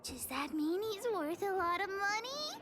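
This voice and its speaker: A woman's voice: extremely high pitch, sing-song, measured pace, over music, exaggerated voice. Bossy little girl gang leader. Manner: bossy and playful. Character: bratty young girl leader of a mole gang. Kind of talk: game character dialogue.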